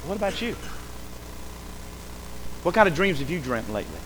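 Man, pastor, folksy animated sermon, slightly high voice, long church reverb. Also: a little fast. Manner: folksy, animated preaching with repeated words. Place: church sanctuary. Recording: long hall reverb, faint noise.

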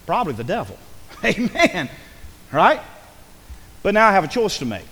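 A man preaching a sermon in a church, animated and conversational, with quick asides and acted-out quotes. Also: high voice. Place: church sanctuary. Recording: long hall reverb.

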